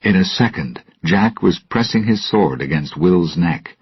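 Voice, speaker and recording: Low husky guy reading a story slow, lively pitch, dry lo-fi sound. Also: no room sound. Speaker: narrator. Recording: dull lo-fi, dry.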